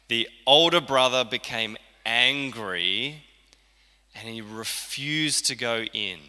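Aussie pastor preaching casual-style, super bright voice, big echoey hall. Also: male voice, mid-range voice, takes it slowly, clear, resonant tone. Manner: conversational preaching, acts out quoted lines. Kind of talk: sermon. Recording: church hall reverb.

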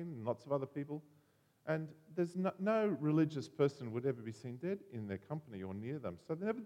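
A man preaching a sermon, telling a story in an animated way and acting out the voices. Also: medium pitch, in a large hall.

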